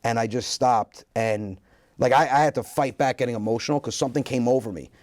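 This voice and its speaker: A man, a comedian guest, telling lively stories in a casual interview and acting out what people said. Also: medium pitch, fairly quick, no room sound. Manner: animated storyteller acting out quotes.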